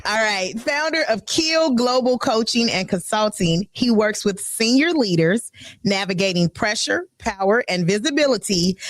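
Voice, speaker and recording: A woman's voice: a little high, no room sound, studio quality. A woman hosting a live radio talk show, chatty and playful, with a bubbly, upbeat way of talking. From Chicago. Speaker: radio host.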